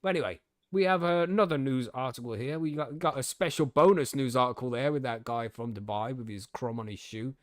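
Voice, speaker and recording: A man's voice: mid-range voice, a little fast, no room sound, clean studio sound. Chatty swearing podcast host man. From United Kingdom. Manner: swearing, laughing, gobby storytelling. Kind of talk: casual chat, reading news aloud.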